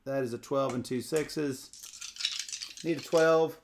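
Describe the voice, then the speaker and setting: A man's voice: medium pitch, fairly even intonation, takes it slowly, vocal fry, a little hiss or hum. A playful man co-hosting a tabletop card game playthrough, reading card text aloud and laughing often. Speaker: co-host teaching a card game.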